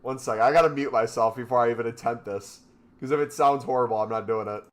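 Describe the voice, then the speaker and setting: A man's voice: medium pitch, quick pace. A man in casual chat, playful and amused, giving spoken prompts to an AI. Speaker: gaming content creator.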